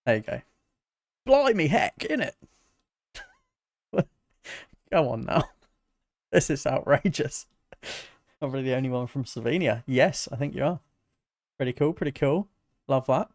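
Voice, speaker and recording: A man from Britain, a music producer casually chatting with his livestream viewers in a relaxed, self-mocking way. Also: mid-range voice, moderate pace, long pauses, dry recording, clean studio sound.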